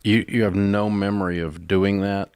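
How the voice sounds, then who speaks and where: A man's voice: lowish voice, fairly even intonation, normal speed, darkish tone, smooth, no echo, studio quality. A man hosting a call-in advice show, talking in a blunt, folksy way with restarts. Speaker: radio show host. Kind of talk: casual advice talk.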